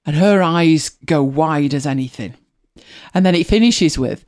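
A host chatting casually and retelling a TV scene, animated and laughing often. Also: medium pitch, normal speed. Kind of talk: casual storytelling chat.

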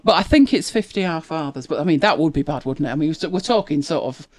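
A woman's voice: low-pitched, expressive, fast talker, darkish tone, dry recording. A woman, chatting casually as a podcast co-host and telling stories with frequent laughs. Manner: chatty storyteller, laughs often. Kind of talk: casual chat.

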